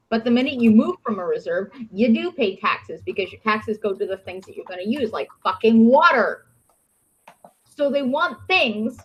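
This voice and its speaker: A woman's voice: a little high, a bit bright, husky, rough recording. A woman hosting a podcast-style live stream, ranting in a heated, sarcastic, profane way. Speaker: podcast host. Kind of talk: casual ranting commentary.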